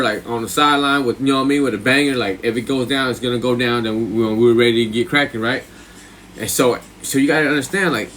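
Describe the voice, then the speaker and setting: A man's voice: medium pitch, fairly bright tone, slight background noise. Man telling a story, rambling and profane. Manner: profane, rambling, with frequent "right?" and "you know what I'm saying". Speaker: livestreamer. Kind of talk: casual storytelling on a live stream.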